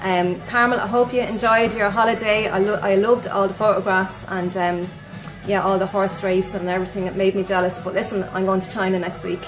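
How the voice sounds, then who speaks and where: A woman's voice: medium pitch, flat delivery, a little fast, few pauses, music in the background, poor audio. An Irish woman, a sleep coach, chatting as a guest on a live radio show, bubbly and effusive, laughing often. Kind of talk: chatty live interview with shout-outs to viewers.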